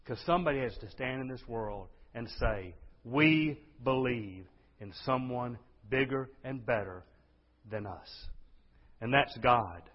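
A man preaching a sermon, swinging between hushed, intimate lines and loud, impassioned outbursts. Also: mid-range voice, slow. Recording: dull sound with long hall reverb.

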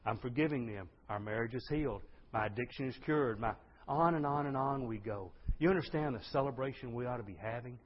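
A male pastor preaching a sermon with exuberant energy, swinging from loud bursts to hushed lines. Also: medium pitch, fairly quick. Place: church sanctuary. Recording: dull lo-fi sound.

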